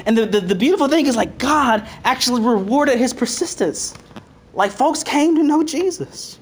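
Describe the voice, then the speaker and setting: A preacher giving a casual, conversational sermon. Reads scripture aloud, then retells it in slang, with frequent "like", restarts and laughter. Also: mid-range voice. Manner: loose and chatty, heavy use of "like", repeats phrases; laughs often between points.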